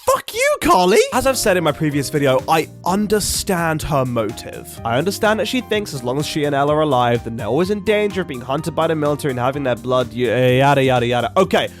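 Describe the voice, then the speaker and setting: Animated sarcastic young man ranting. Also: on the high side, quick pace, few pauses, faint music behind. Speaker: YouTube reviewer. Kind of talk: ranting TV review commentary.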